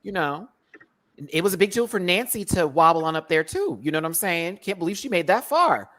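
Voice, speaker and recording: Brief: woman host, deep low register, sassy, talks in acted-out quotes. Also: fast talker. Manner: animated, sassy, acts out quotes. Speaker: show host. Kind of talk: casual panel chat.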